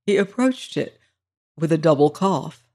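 A narrator reading a classic story aloud in an even, measured way. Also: mid-range voice. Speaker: audiobook narrator.

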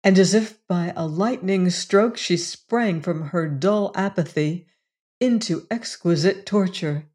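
An audiobook narrator reading a classic novel in a slow, measured way. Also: medium pitch, a little mellow. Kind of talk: scripted narration.

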